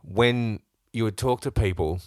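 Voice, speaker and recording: A man in his thirties co-hosting a podcast, chatting casually in a rambling, animated way with plenty of fillers and restarts. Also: lowish voice, measured pace, no echo, studio quality. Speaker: podcast co-host. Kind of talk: casual chat.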